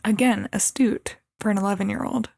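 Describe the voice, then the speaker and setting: A young woman co-hosting a podcast, recapping a movie in relaxed casual chat with quick agreeable replies. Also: medium pitch, vocal fry, no room sound. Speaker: podcast co-host.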